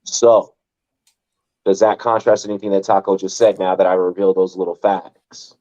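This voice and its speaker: A man's voice: deep voice, flat delivery, normal speed, dark tone. A man hosting a casual sports talk show, blunt and swearing often. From United States. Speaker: podcast host. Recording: dull lo-fi mic.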